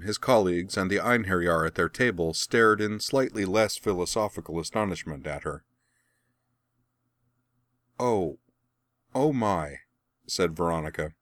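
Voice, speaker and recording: A man narrating a fan fiction story as an audiobook, with an even, wry storytelling manner. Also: deep voice, dry recording, clean studio sound.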